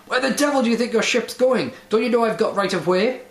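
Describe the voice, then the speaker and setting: A man's voice: very high voice, a little slow, dark tone, pitched above the performer's own voice. A man voicing a blustering male ship's officer from old times who roars with rage, in an echoey room. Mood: enraged. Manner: roaring, blustering.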